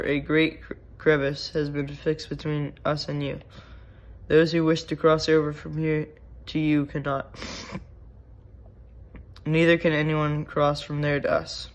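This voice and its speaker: A man reading scripture aloud, voicing the patriarch Abraham in a measured, firm tone. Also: a little high, monotone. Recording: dull lo-fi recording.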